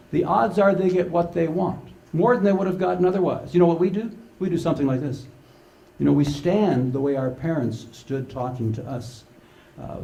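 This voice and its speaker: Gravelly older man telling jokes. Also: a little high, warm tone. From Canada. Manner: storytelling, playful, acts out quotes. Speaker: conference speaker. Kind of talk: humorous conference presentation.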